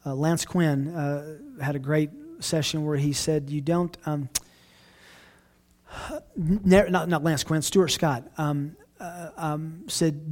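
Earnest middle-aged pastor, slightly high voice. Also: male voice, steady tone, takes it slowly, a little mellow. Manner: earnest, restarts phrases often. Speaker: pastor answering questions. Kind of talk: casual Q&A talk.

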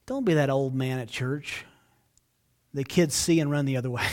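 This pastor, a man with a mid-range voice and moderate pace, gives a sincere sermon that feels like conversation. He addresses the listeners directly and alternates between soft, hushed moments and loud outbursts.

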